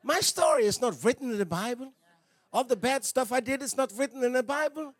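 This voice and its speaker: A man preaching a sermon, animated, moving from quiet asides to shouts, with halting repeats and slightly non-native phrasing. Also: very high voice, dry recording.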